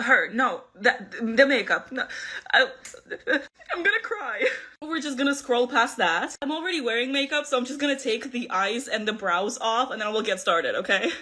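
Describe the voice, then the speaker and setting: A woman vlogger chatting excitedly through a makeup tutorial, laughing often. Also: fairly high pitch. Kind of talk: casual makeup tutorial vlog.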